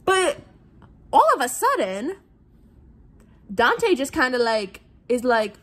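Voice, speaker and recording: Bubbly woman book vlogger with a higher voice who gushes about her favorite reads in a rush of "like"s. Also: slow pace, long pauses. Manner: gushing, excitable, heavy use of "like". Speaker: book reviewer. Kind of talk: casual book review vlog.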